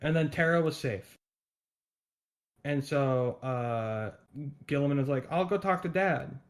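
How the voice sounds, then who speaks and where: Man, slightly high voice, casual podcast, animated jokey storytelling. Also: unhurried. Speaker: podcast co-host explaining lore. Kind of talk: casual chat.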